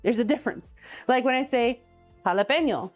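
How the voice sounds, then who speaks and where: A woman with a slightly high voice hosts a live cooking stream from her home kitchen. She talks in a loose, chatty way, telling stories and reading viewer comments aloud as she works. Faint music plays in the background. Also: animated, brisk. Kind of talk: casual chat while cooking live.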